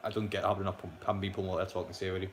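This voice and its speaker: Young Geordie man, fast, blunt, rambling stream chat; faint room hum underneath. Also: sits low, level tone. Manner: rambling, blunt, frequent fillers and restarts. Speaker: live stream match commentator. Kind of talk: casual live stream chat and commentary.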